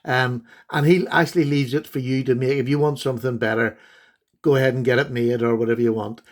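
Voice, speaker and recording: A man's voice: mid-range voice, fairly even intonation, fairly quick. A middle-aged man hosting a casual vlog, chatting fondly and a little rambly while showing knives to the camera. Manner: chatty, rambling, fond and enthusiastic. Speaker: host, knife collector.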